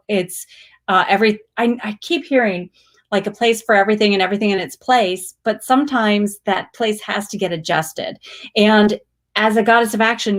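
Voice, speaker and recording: A middle-aged woman hosting a spiritual livestream, chatting casually and reading viewer comments aloud with gushing enthusiasm and squealing cheers. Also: medium pitch.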